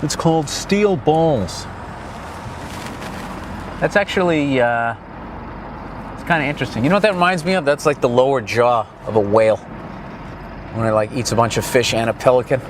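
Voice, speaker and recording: A man's voice: medium pitch, normal speed, pauses often, background noise. A man giving a comic street tour outdoors, rambling in a crude, sarcastic, ranting way. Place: outdoors on a town main street.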